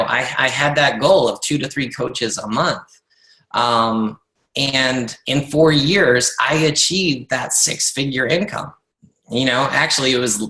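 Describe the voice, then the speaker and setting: A man's voice: mid-range voice, bright, forceful tone, echoey room, rough recording. A man leading a motivational team call as a business coach, talking earnestly with lots of fillers and restarts.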